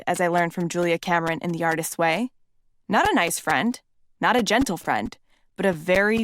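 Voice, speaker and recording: A woman's voice: fairly low pitch, animated, normal speed, dry recording. A woman reading her own self-help memoir aloud in a candid, conversational way, with blunt swearing. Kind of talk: memoir narration.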